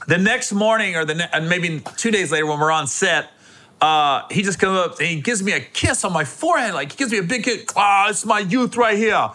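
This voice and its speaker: A man hosting a podcast, telling comic stories in casual chat, animated and laughing often. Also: high-pitched, fairly quick. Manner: animated, laughing, acts out other voices. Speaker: podcast host.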